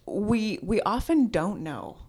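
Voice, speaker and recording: A woman guest on a podcast, telling a personal story in an animated, self-deprecating way. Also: medium pitch, slow pace, husky. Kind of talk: storytelling in casual conversation.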